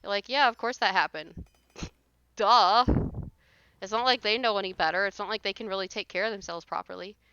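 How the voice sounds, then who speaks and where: Bright, crisp-voiced woman ranting. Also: medium pitch, a little fast, lo-fi sound. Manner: exasperated ranting, blunt, swears. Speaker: livestreamer. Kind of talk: casual chat while gaming.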